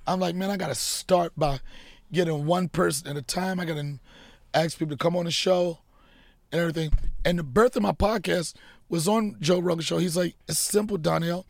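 Middle-aged male comic, slightly high and gravelly, animated storyteller. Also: fairly quick, dry recording. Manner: animated, profane, acts out quotes. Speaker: podcast guest, comedian. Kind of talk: casual storytelling chat.

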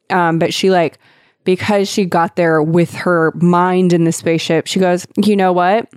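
A young woman chatting casually as podcast co-host, laid-back and quick to laugh. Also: fairly low pitch, steady tone, darkish tone, smooth, no room sound, studio quality. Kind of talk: casual chat.

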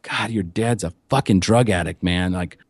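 A man's voice: deep voice, moderate pace, no room sound, studio quality. Earnest man telling a raw story. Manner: emotional, earnest storytelling with profanity. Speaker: podcast guest. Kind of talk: candid recovery story.

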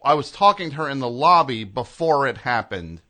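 Brief: male radio host, mid-pitched, conversational, emphatic with restarts. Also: animated, moderate pace, bright, forceful tone. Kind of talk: casual call-in chat.

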